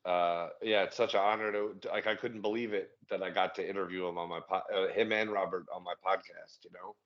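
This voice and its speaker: A man's voice: deep voice, fairly even intonation, fairly quick, muffled recording. A man talking as a podcast guest in easygoing casual chat, swearing casually.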